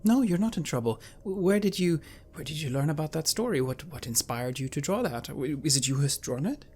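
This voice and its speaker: A man's voice: on the high side, lively intonation, a little fast, darkish tone, slight background noise. A man playing his character in a tabletop game, talking hesitantly with stammers and restarts. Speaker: player.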